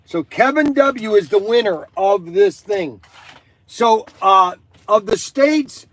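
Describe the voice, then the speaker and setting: High-voiced rambling live-stream host, a man. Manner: rambling, excitable, many fillers. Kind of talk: casual live-stream chat.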